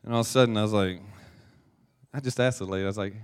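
Low-voiced man preaching casually. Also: steady tone, very fast, clean tone. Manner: chatty, self-deprecating storyteller with restarts. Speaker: pastor. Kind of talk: casual sermon with personal story.

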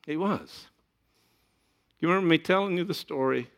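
A man's voice: a little high, moderate pace. A middle-aged man preaching a sermon in a conversational way, with joking asides to the congregation. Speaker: pastor.

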